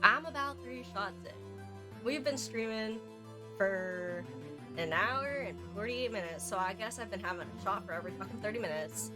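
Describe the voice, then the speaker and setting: A woman's voice: mid-range voice, moderate pace. A young woman streaming a game while drunk, rambling and swearing freely as she chats and mocks herself. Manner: profane, rambling, self-mocking. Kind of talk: casual game stream chat. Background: game music.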